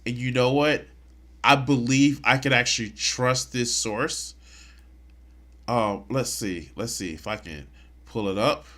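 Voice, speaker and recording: A man's voice: medium pitch, unhurried, a bit bright. A man streaming live, commenting on clips in a mocking, crude way. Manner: mocking, crude, bursts into laughter.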